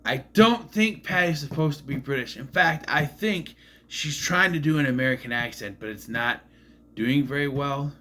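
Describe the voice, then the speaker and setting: A man's voice: mid-range voice, normal speed, pushed and bright, slight background noise. A man casually recapping a movie in a rambling, musing way, often admitting he is unsure. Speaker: movie reviewer.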